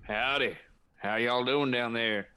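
Man as a shameless fake Southern preacher; deadpan, rambling drawl, bright edge. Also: mid-range voice, takes it slowly, smooth. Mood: folksy. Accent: Southern US, put on. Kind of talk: improvised comedy podcast.

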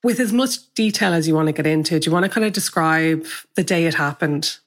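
A woman interviewing a guest on a podcast, asking questions gently and reassuringly. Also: deep voice, fairly quick.

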